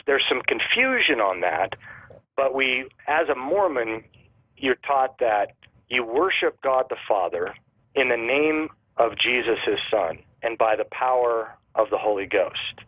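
Male guest on phone, husky, very animated delivery, tinny line. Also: mid-range voice, takes it slowly. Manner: animated, acts out dialogue in illustrations. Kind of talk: explaining theology on a call-in show.

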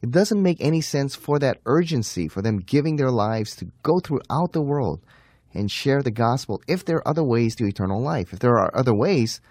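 A man giving an earnest apologetics talk, slowing down to stress key phrases. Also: mid-range voice, lively intonation, darkish tone, breathy edge, no echo, clean studio sound. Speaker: Christian apologist teacher.

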